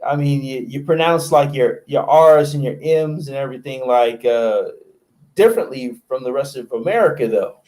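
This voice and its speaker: A man's voice: mid-range voice, moderate pace, darkish tone. A man in casual discussion, speaking hesitantly with many fillers and restarts.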